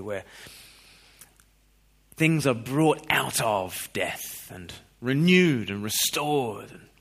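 A man preaching a sermon, expressive, moving between loud questions and quiet scripture reading. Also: mid-range voice.

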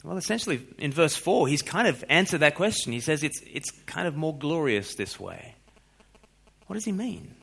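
Expressive male preacher. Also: a little high, moderate pace, vocal fry, hardly any pauses, husky. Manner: expressive, shifts between loud questions and quiet reading. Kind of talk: sermon.

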